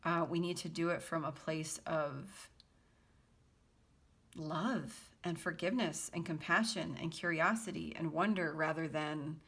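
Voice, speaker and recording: A woman's voice: deep voice, a little slow, a bit bright, husky. A woman doing a casual tarot reading for her viewers, chatty and prone to fits of laughter. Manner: giggly, chatty, breaks into laughter often; reads song lyrics aloud in a half-sung lilt. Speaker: tarot reader.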